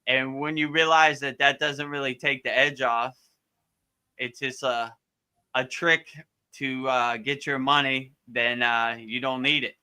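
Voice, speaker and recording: A man's voice: medium pitch, level tone, measured pace, sharp tone, clear, resonant tone. A man who is a spiritual teacher gives casual advice in a live question-and-answer session, easygoing and repeating his words often, with many fillers.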